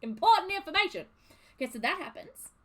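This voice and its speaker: Lively, bright-voiced woman streamer. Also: extremely high pitch, fast talker. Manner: animated, sweary, exasperated recapping. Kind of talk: casual chat while live streaming a game.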